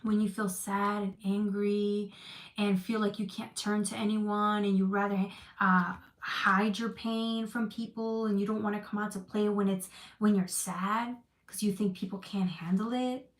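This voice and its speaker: A tarot reader gives a casual livestream reading, chatty and slangy, responding to comments from her chat. Her voice is medium-pitched and level at a measured pace, and the echoey room carries faint noise.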